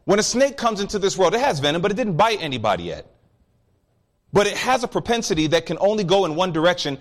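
Animated male preacher with a lively voice. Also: high voice, quick pace. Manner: animated, emphatic, storytelling. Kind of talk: sermon.

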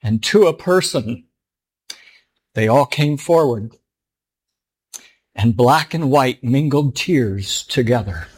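Earnest middle-aged pastor telling a story. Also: male voice, mid-range voice, expressive, slow pace, long pauses, husky. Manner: earnest, emotional retelling. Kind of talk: sermon storytelling.

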